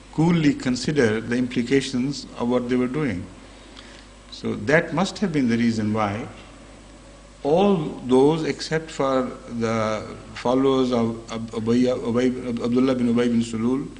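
A man with a voice of ordinary, middle pitch gives an unscripted religious commentary. He talks in a measured way, stopping often with fillers and correcting himself as he explains a verse of scripture. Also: darkish tone, slight background noise.

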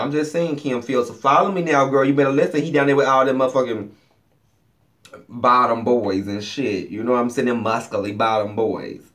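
Sassy, profane man throwing shade. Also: fairly bright tone. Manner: drops often into low muttered asides. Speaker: YouTube reality show reviewer. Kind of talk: casual recap commentary.

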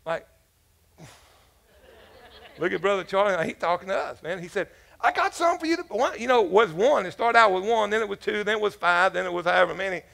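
A man's voice: sits high, fairly quick, gravelly, long pauses, a bit bright. A man pastor preaching a sermon in a casual, joking storytelling manner, with asides to the congregation. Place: church.

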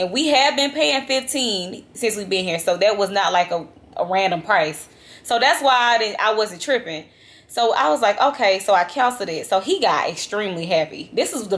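A young woman vlogger telling a travel story to her viewers in a lively, dramatic, casual way. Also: mid-range voice. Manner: animated, dramatic retelling, addresses viewers as y'all. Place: vacation lodging, indoors.

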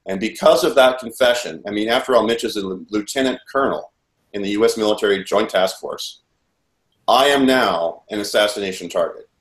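A man's voice: lowish voice, a little fast. A man as an interview guest, telling a personal story in an earnest, rambling way with frequent restarts. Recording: roomy echo.

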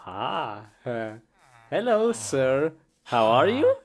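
A woman voicing slow, excitable Minecraft Steve. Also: rumbling low, heavily acted. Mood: playful. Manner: excitable, blurts short exclamations, giggles often. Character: Minecraft Steve, young man, easily frustrated. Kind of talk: homemade game animation voicing. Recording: noisy homemade recording.

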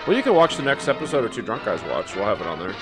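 A man's voice: lowish voice, sing-song, racing, over music. Wry man riffing on old films. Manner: wry, rambling, laughs often. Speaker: co-host of a movie-riffing show. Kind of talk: casual joking commentary.

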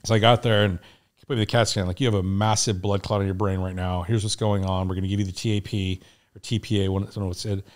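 A middle-aged man, a podcast guest, candidly telling a story with frank, profane, animated retelling. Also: low-pitched, fast talker. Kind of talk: casual storytelling.

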